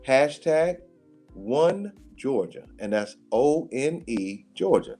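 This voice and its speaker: A man hosting a live talk radio show, emphatic and animated, breaking into laughter. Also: medium pitch, slow pace, faint music behind. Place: radio studio.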